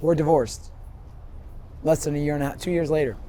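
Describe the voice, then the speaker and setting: A man in his fifties tells his story during an outdoor street interview, rambling and animated and laughing often. His voice is a little high and his pace brisk.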